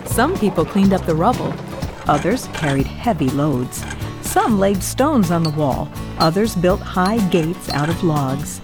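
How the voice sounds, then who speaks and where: Expressive woman reading a children's Bible story. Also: on the low side, unhurried, over music. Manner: expressive, cheerful, addresses young listeners.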